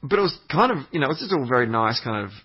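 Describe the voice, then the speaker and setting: Very fast and husky, this man's medium-pitched voice swings widely in pitch as he rambles through a profane travel anecdote, stumbling over fillers and restarts. He's a podcast regular, and the recording is muffled, lo-fi podcast sound.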